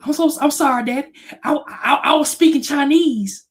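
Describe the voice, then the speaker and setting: A man's voice: very high voice, normal speed, pitched above the performer's own voice. A man voicing his scared six-year-old self, pleading and stammering. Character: scared little boy of six or seven.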